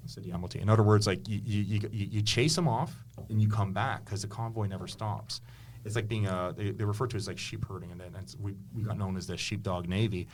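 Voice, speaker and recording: A man's voice: fairly low pitch, steady tone, quick pace, slight background noise. A man, a history teacher and author, telling stories with eager enthusiasm and many restarts in a casual interview. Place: indoors with a podcast host.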